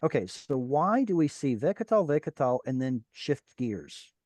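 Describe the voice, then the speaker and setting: Male teacher, patient and encouraging, dry close sound, average pitch. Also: sing-song, normal speed, darkish tone, no echo. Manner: patient, explains and encourages students. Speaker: Hebrew teacher. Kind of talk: online class teaching. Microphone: video call.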